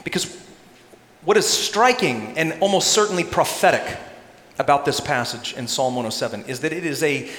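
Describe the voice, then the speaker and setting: Male pastor, lively high voice, animated sermon in a roomy church hall. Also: normal speed. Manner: animated, acts out quoted voices with humor.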